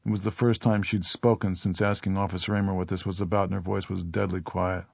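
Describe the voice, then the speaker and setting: A man narrating an audiobook in a steady, even storytelling manner. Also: sits low, quick pace, gravelly, breathy edge, no echo.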